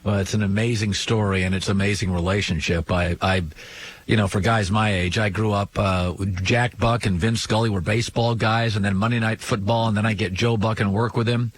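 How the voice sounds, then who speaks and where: A man's voice: lowish voice, fairly even intonation, brisk. A man hosting a sports talk show, chatting conversationally and asking his guest questions. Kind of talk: interview conversation.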